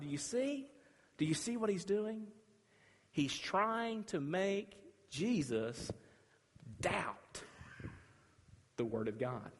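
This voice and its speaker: A man preaching a sermon, emphatic and dramatic, with long pauses between phrases. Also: high-pitched, animated, fairly bright tone. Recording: reverberant hall.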